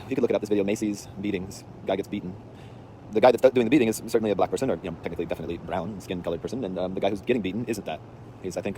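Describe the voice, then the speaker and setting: A man's voice: lowish voice, mellow, slight background noise. A man telling rambling stories in a casual, offhand way, full of slang and restarts, outdoors on a city street. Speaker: vlogger.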